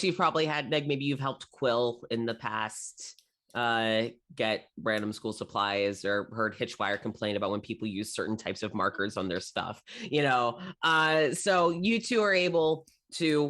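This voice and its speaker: A man running a tabletop game as game master, narrating the scene in a relaxed, rambling way full of ums and uhs. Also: mid-range voice, normal speed. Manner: relaxed and rambling, with frequent 'um' and 'uh'.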